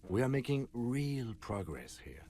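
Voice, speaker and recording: A man voicing a calm, sarcastic detective partner in a game, dry and measured. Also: mid-range voice, a little hiss or hum. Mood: deadpan.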